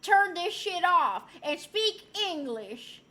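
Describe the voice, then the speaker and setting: A woman voicing a grumpy figure with a put-on American Southern accent, slow and cranky. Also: very high voice, big pitch swings, bright, forceful tone, full character voice.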